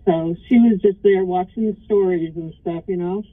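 A woman's voice: lowish voice, normal speed, no room sound. A woman calling in to a livestream, talking bluntly and casually, swearing and laughing often. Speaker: caller. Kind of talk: casual phone call on a livestream. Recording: phone line.

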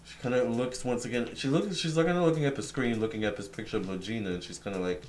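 A man's voice: medium pitch, quick pace, a little mellow, slight background noise. A young man giving a casual psychic reading, relaying what a spirit tells him with many fillers and restarts. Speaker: tarot reader.

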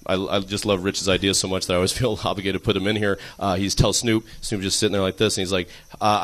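A man's voice: deep voice, flat delivery, quick pace, few pauses, a bit bright. Man rambling through a funny story. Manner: rambling, laughing while telling an anecdote. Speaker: guest comedy writer. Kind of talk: casual storytelling on a podcast. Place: live podcast stage.

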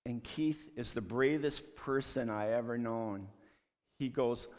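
A man's voice: medium pitch, slow pace, a little mellow. Earnest man telling a story in church. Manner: earnest storytelling, acts out quoted dialogue. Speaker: street ministry leader. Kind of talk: testimony talk in church. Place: church sanctuary. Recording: long church hall reverb.

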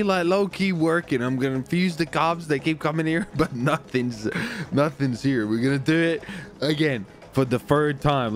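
A man giving excited, chatty commentary on his own gameplay as a streamer, giggling and narrating each move. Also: medium pitch. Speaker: streamer playing a roleplay game.

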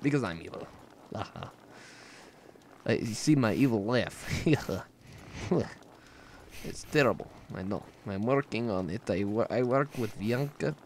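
A man's voice: fairly low pitch, normal speed, slight background noise. A man putting on a joking Russian accent with broken English, playing a boastful, playfully evil character during gameplay commentary. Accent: put-on Russian. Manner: broken English, dropped articles, deadpan joking.

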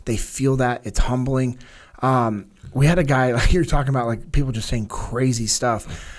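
A man's voice: medium pitch, fairly even intonation, moderate pace. A man who is a guest on a podcast, talking earnestly about a training program he runs and illustrating it with anecdotes. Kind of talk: casual podcast conversation.

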